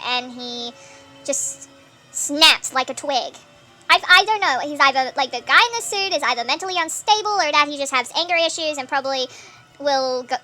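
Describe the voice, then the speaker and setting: A woman giving chatty gameplay commentary, thinking aloud with fillers, her voice sped up and pitch-shifted nightcore-style. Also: sharp tone. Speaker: gameplay streamer.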